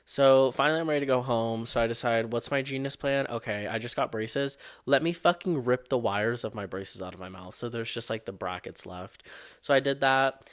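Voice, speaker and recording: A young man hosting his own podcast, retelling a childhood story in a casual, profane and exasperated way. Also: medium pitch. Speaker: podcast host.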